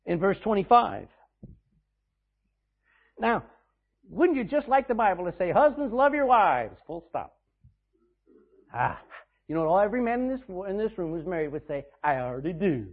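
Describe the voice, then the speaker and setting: Male pastor mid-sermon, high-pitched, emphatic; tinny phone-line quality. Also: big pitch swings. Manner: preaching with emphatic swings in volume, reading scripture slowly. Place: church sanctuary.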